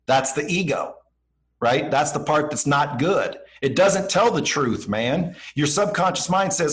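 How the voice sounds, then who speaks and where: A man's voice: on the high side, lively intonation, a little slow, rough recording. A man as a podcast guest giving blunt, slangy motivational advice and acting out bits of dialogue as he talks. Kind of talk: motivational advice in casual conversation.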